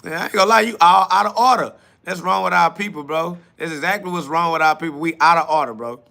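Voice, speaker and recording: A man with a fairly high, fast voice that's creaky, bright and forceful rants on a live stream. He's a podcast host reading live comments, laughing, mocking, profane and preachy as he talks to himself.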